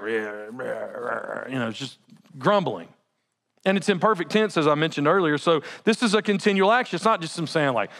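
Animated high-voiced male pastor. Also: normal speed, vocal fry. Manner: animated, conversational, laughing asides. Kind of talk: sermon.

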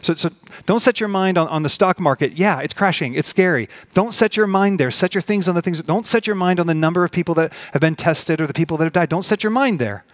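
A man preaching a sermon as pastor, earnest, rising to emphatic peaks and easing into slow, soft pauses. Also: high voice, dry recording.

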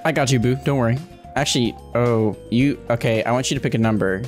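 A man's voice: medium pitch, quick pace, darkish tone, soft background music. A man playfully teasing a friend during a casual gaming session.

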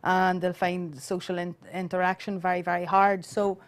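A woman, a guest mother telling lively anecdotes about her son in a casual chat. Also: fairly low pitch, moderate pace. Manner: storytelling, acts out her son's lines. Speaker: guest, mother of an autistic boy.

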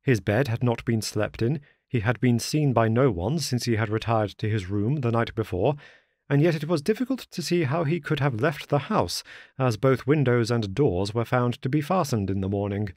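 A man narrating a classic detective story as an audiobook, in a measured storytelling manner. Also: mid-range voice, expressive, darkish tone, no echo, clean studio sound. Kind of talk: scripted narration.

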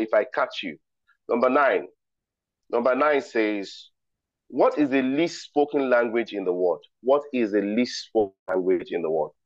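Over dry, dull, lo-fi call audio without echo, a man hosts a virtual ceremony's riddle quiz. His voice is lowish and slightly mellow. He teases playfully and reads out what people type in the chat.

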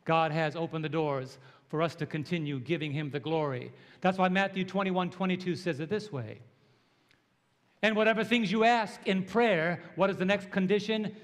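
High-voiced man in his sixties preaching. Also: normal speed. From New York. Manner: animated storytelling with call-and-response. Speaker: pastor. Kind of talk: preached sermon. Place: church sanctuary. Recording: long church hall reverb.

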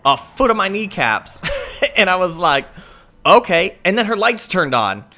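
A young man hosting a gaming video tells a rambling, laid-back story as he plays, sprinkling in lots of "like" and "uh." His voice is high and sharp, very animated, at a normal speed. It's casual gameplay commentary mixed with storytime.

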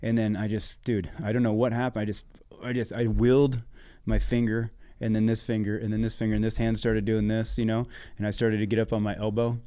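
A man's voice: on the low side, flat delivery, fairly quick, hardly any pauses, dark tone, smooth, dry recording, studio quality. A middle-aged man telling a story in casual podcast chat, laid-back and swearing freely. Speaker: podcast guest, former motocross racer.

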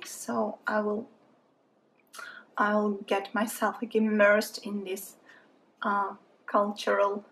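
A woman's voice: medium pitch, gravelly, a bit bright, slight background noise. A woman from Saint Petersburg with a Russian accent, chatting in a friendly way as she narrates a drawing tutorial. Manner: chatty, friendly, thinking aloud while drawing. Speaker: art instructor.

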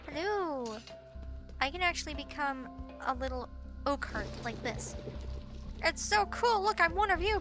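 A woman casually commenting while she plays a game, chatty and excitable, often giggling. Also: sits high. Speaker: gameplay channel host. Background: game music.

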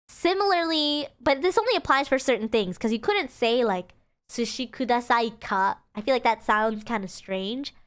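A young woman with a high, light voice gives a relaxed livestream lesson. She chats freely and giggles between her examples, with plenty of casual fillers. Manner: chatty and giggly, frequent fillers. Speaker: streamer teaching Japanese.

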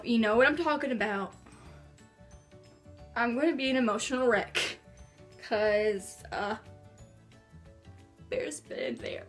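A teenage girl with a high, slightly bright voice vlogs from her bedroom at home. She chats casually to the camera, rambling and bubbly.

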